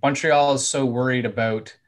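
A man's voice: medium pitch, steady tone, moderate pace. A man on a casual sports panel, analytical and hedging his points with "I think". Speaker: hockey podcast panelist.

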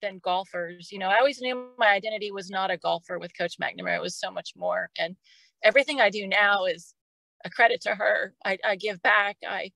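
A woman's voice: medium pitch, steady tone, a little fast, creaky, sharp tone, dry recording, poor audio. A middle-aged woman, a podcast guest, telling a personal story in a casual, emotional way and often repeating words. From Oklahoma.

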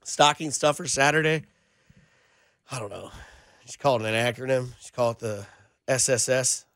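A man hosting a sports radio show, talking in an energetic, playful banter. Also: medium pitch, normal speed, no echo, studio quality.

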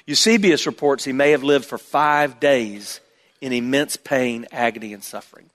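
A man pastor preaching a sermon, swinging from loud emphatic bursts to hushed low asides. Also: moderate pace. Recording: long hall reverb.

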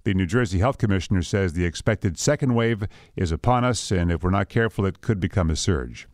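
A man's voice: low voice, fairly quick, dry recording, studio quality. A man reading the morning radio news as anchor, playful, with a bit of rhyme. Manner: lively, playful delivery with rhymes.

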